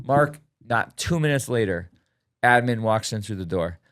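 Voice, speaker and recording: A man's voice: on the low side, animated, normal speed, fairly bright tone. A man, a teacher co-hosting a podcast, telling a story in casual chat and acting out other people's lines in raised voices.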